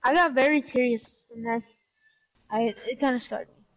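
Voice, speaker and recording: A woman gamer chatting casually, excitable and shrieking with lots of swearing. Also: a little high, normal speed, no echo. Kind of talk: casual chat while gaming.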